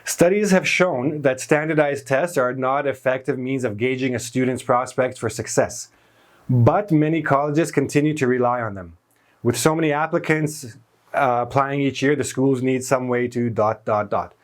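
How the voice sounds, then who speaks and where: A man's voice: medium pitch, moderate pace. Man explaining grammar with stressed words. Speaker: English teacher. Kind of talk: grammar lesson.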